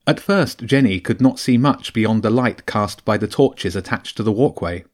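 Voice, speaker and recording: A man narrating a children's adventure audiobook with a lively, expressive reading. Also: fairly low pitch, moderate pace. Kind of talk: storybook narration.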